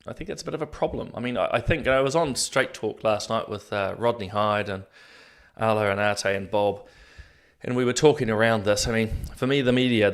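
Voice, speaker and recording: A middle-aged New man with a somewhat low voice hosts a casual commentary show. He rambles a little, backtracks and fills gaps with "uh" and "um", and pokes fun at himself as he goes. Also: fairly bright tone. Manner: rambling, self-deprecating, frequent fillers and restarts. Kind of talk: casual solo commentary to viewers.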